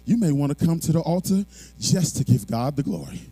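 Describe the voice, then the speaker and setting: A middle-aged male pastor preaching a sermon, moving from quiet storytelling to shouted exhortation. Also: on the high side, expressive, fairly quick, gravelly, husky, dry recording.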